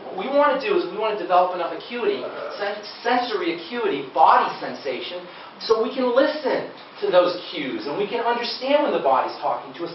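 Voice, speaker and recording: This male nutrition speaker, high-pitched, gives a chatty live seminar and poses questions to the audience in a lecture room. The recording comes from far off, dull and echoey, with a little hiss or hum.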